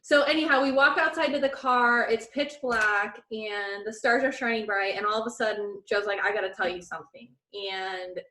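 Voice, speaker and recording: A woman's voice: on the high side, normal speed, hardly any pauses, reverberant. A woman co-hosting a podcast, telling a story in casual chat and acting out the quoted lines. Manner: animated storyteller, acts out quotes. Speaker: podcast co-host.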